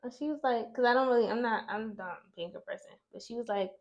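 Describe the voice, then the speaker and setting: A young woman vlogger telling an exasperated, animated story to her viewers while doing her makeup. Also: on the high side, fast talker, lo-fi sound. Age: young adult.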